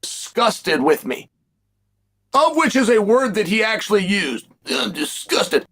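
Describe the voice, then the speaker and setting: A man talks in a clip, telling a story and voicing the quoted lines himself. His voice is high and very animated, with a husky edge. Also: a little slow. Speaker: commentator in played clip. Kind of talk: recounting a story to camera.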